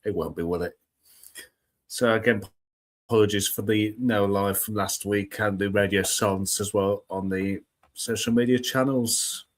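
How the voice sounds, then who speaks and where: A man's voice: lowish voice, steady tone, moderate pace. A man hosting a casual weather live stream from home, chatty and self-mocking, greeting viewers one by one. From United Kingdom. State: just over a cold. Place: home room with cats and laptop. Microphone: laptop live stream.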